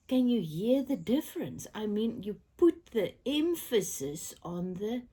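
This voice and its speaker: A South African woman getting over a cold talks from her bed in an upbeat, affirming way, her voice husky and mellow. She speaks slowly, with pitch that rises and falls a great deal. At times she drops to a soft whisper. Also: big pitch swings. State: recovering from a cold, coughing. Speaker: crafting vlogger. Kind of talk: casual chat to camera. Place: bedroom, in bed.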